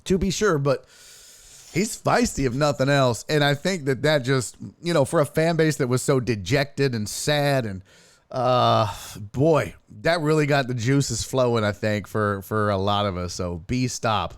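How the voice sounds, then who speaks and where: A man hosting a casual streamed sports talk show, profane and excitable, chatting with his viewers. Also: mid-range voice, unhurried, clean tone, no echo, studio quality. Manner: profane, excitable, talks to chat.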